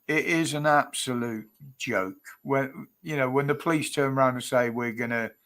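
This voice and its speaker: A man's voice: mid-range voice, fairly bright tone. A man hosting a casual livestream chat, rambling, laughing and cheeky. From United Kingdom. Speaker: livestream host.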